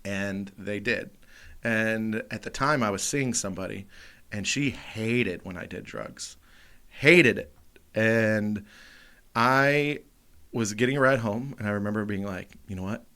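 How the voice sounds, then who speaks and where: A man co-hosting a comedy podcast, telling a wild story in a loud, animated, profane way. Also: on the low side, unhurried. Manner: animated, profane, acts out quotes loudly. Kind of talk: casual storytelling chat.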